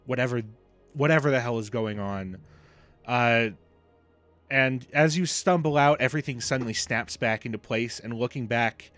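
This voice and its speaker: A man's voice: medium pitch, a bit bright. A man running a tabletop role-playing game as game master, narrating the scene with lots of fillers and restarts. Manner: loose, filler-heavy narration.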